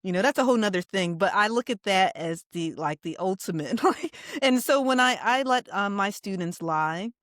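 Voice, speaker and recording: A woman's voice: mid-range voice, expressive, moderate pace, few pauses, fairly bright tone, no room sound, studio quality. Easygoing woman co-host, laughing often. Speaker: podcast co-host, teacher. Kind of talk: casual chat.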